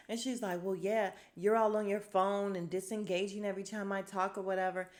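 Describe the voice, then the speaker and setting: A woman hosting a casual podcast, recapping with a sassy, animated delivery and quick quoted asides. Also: mid-range voice. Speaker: podcast host recapping a reality show. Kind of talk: casual chat.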